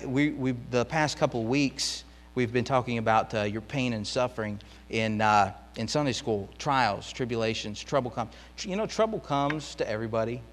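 A man teaching a Bible lesson in Sunday school, reading verses aloud and swelling into loud, impassioned pleading. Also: mid-range voice, big-room sound.

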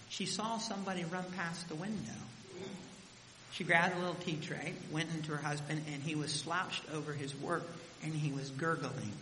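A man delivers a sermon with dramatic storytelling, his voice swelling and falling. His tone is bright and slightly high for a man, and it rings through a reverberant hall. A faint hiss sits under the recording. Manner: dramatic storytelling, voice rising and dropping. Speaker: preacher.

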